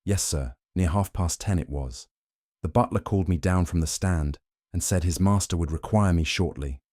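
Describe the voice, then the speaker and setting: A nervous, stammering coachman who rushes his answers, as a man puts him on. The voice is low and dark, and the recording sounds dry and close. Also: no room sound. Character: nervous stammering male coachman, lower-class.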